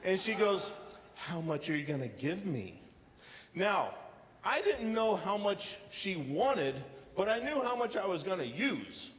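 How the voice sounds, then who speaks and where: A man performing a stand-up comedy set with deadpan storytelling and acted-out quotes, on a casino showroom stage. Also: sits high, a little slow. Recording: live hall reverb with faint ambience.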